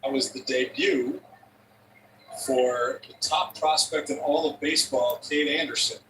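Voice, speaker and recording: A man calling a baseball game as play-by-play announcer, reading off stats in a steady delivery. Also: medium pitch, measured pace, recorded from a distance, background noise. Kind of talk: baseball commentary.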